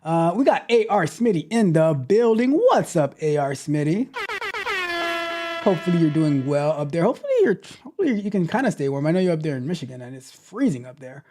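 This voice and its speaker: A man's voice: fairly high pitch, big pitch swings, brisk, warm tone. Man casually teasing his live chat. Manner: playful, teasing, reads chat comments aloud; repeats phrases, loose and chatty. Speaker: tech coach hosting a livestream.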